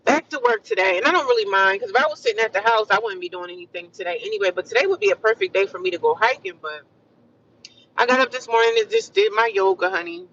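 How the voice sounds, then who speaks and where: A woman from the United States chats loosely with her livestream viewers. She is animated and repeats herself, and calls them honey and sis. Her voice is bright and forceful. It comes through a dull, lo-fi mic from a distance, with faint noise behind. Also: medium pitch, fast talker. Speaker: livestream vlogger. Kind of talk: casual livestream chat with viewers.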